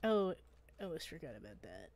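A woman's voice: low-pitched, sing-song, a little fast, a little mellow. A woman playing a video game on a friend's stream, chatting casually in a playful, jokey way. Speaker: guest co-player on a game stream. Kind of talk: casual gaming chat.

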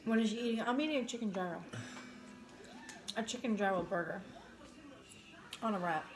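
A woman's voice: medium pitch, fairly quick. A young woman co-hosting a casual live stream. She talks about her food with lots of "like" and thanks viewers by name. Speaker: co-host girlfriend. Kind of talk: casual live chat eating on camera.

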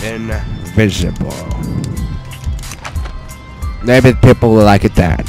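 A young man giving profane, excitable let's play commentary, talking to himself as he plays. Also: fairly low pitch, measured pace, music in the background. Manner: profane, excitable, talks to himself while playing.

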